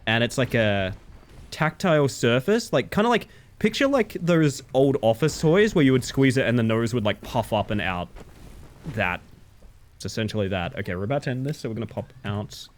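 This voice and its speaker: Lively, playful male streamer. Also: medium pitch, normal speed. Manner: playful, animated, swears freely. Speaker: livestreamer. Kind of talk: casual chat while gaming live.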